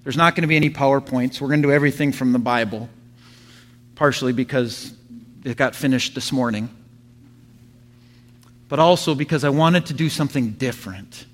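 A man preaching a sermon to his church, telling a story with animated sound effects. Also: medium pitch, a little fast, pauses often. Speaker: pastor.

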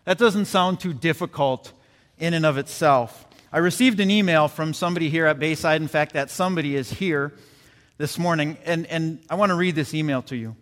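A man's voice: fairly high pitch, fairly quick, a bit bright. A man preaching a sermon as pastor, earnest and repetitive, with asides to the congregation. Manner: earnest preaching with repeated phrases and audience asides. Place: church sanctuary. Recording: long church reverb.

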